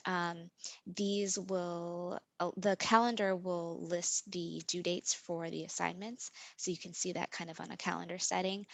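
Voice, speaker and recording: A woman instructor walking students through an online course in a relaxed, filler-heavy way over a video call. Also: lowish voice, creaky, dry recording, poor audio. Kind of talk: online course orientation walkthrough.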